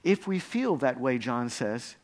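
A male pastor preaching a sermon, earnest and storytelling, swinging between hushed low passages and loud, emphatic climaxes. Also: sing-song, a little slow.

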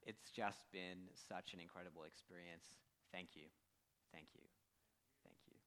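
A man with an accent preaching a heartfelt sermon, pausing with emotion and leading a prayer. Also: low voice, fairly even intonation, pushed and bright. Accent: non-American accent. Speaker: pastor.

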